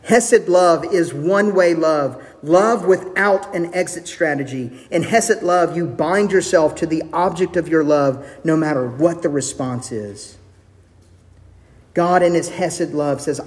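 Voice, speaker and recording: A man preaching a sermon as pastor, earnest, with shifts of pace and soft, hushed quoted lines. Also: fairly high pitch, unhurried. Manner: earnest, varies pace, drops to soft intimate tones for quotes. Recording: long hall reverb.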